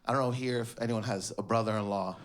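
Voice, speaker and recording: A man from Canada doing a stand-up comedy set, acting out his family members in sudden shouted bursts. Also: fairly low pitch, steady tone, quick pace, slight background noise. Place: comedy stage before a live audience. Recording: echoey venue with loud crowd laughter.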